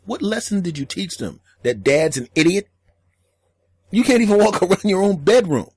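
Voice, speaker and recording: Solo podcast host, male, animated storyteller with a deadpan streak, dry close sound. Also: high-pitched, normal speed, husky, dry recording. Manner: storytelling, acts out voices in quotes, deadpan jokes. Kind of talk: solo comedic podcast monologue.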